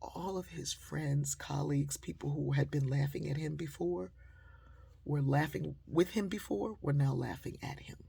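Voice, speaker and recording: Gravelly, very husky woman telling a story. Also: low voice, moderate pace. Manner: animated, acts out quoted dialogue. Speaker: motivational speaker. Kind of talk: storytelling talk.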